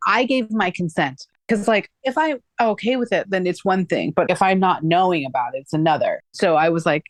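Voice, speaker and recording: A woman's voice: deep voice, a little fast, few pauses, dry recording. A woman recounting a personal experience in a candid, conversational way, often using "like" and acting out what people said. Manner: conversational, frequent "like" fillers, acts out quoted dialogue. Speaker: guest recounting her experience.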